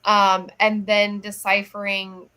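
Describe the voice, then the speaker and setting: Bright-voiced woman thinking aloud. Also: medium pitch, completely flat delivery, slow pace, smooth, rough recording. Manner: thoughtful, with restarts and light laughs. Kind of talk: casual chat.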